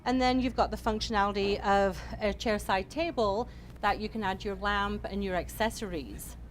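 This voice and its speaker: A woman's voice: medium pitch, normal speed, a little hiss or hum. A woman leading a home decor class in an upbeat, chatty way, with many fillers. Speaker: interior design instructor.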